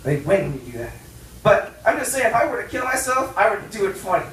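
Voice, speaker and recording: A man's voice: sits high, sing-song, fast talker, a little hiss or hum. Male stand-up comedian, brash, profane, distant mic, echoey bar room. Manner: brash, profane, loud punchlines. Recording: roomy club sound from a distance.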